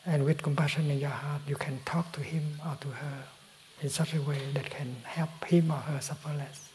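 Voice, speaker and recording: A man in his eighties from Vietnam, a Buddhist teacher with a Vietnamese accent, giving a gentle, unhurried dharma talk in a soft, breathy voice that often drops to a whisper. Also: on the high side, flat delivery, slight background noise, rough recording. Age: 80s. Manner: gentle, soft-spoken, unhurried with frequent pauses. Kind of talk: dharma talk answering a question.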